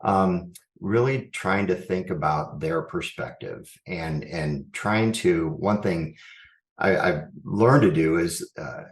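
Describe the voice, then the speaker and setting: Man in an echoey room, low voice, earnest guest who thinks out loud. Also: slow. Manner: earnest, thinks aloud with frequent restarts. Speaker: school superintendent guest. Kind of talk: reflective interview answers.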